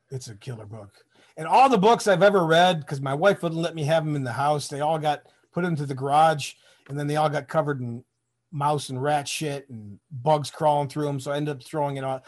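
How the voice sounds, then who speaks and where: A middle-aged man from Michigan speaks in a slightly raised register, rambling through stories with plenty of swearing. He keeps slipping into the voices of the people in his tales, in a loose, conversational interview. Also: a little high. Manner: rambling, profane, acts out quoted voices. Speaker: guest, Army veteran. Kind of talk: casual storytelling interview.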